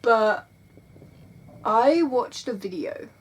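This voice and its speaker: Slow-talking, worn-out young woman. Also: on the high side, expressive, breathy edge. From England. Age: 20s. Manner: rambling, self-mocking, laughs often. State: burnt out, tearful. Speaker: vlogger. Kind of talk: casual confessional vlog. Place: bedroom, lying on an airbed.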